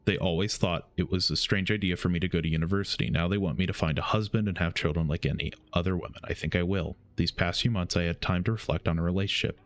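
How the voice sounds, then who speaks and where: A young man streaming a game, reading its letters aloud slowly and often stumbling and correcting himself. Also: deep voice, steady tone. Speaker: gaming streamer.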